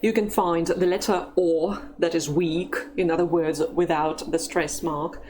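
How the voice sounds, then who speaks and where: A woman teaching a language lesson, speaking slowly and carefully in an encouraging instructional tone. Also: fairly low pitch, steady tone, a little mellow, slight background noise.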